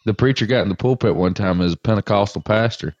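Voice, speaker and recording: A man telling jokes and anecdotes in a relaxed way during a casual podcast chat. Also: on the low side, fast talker, no room sound, muffled recording.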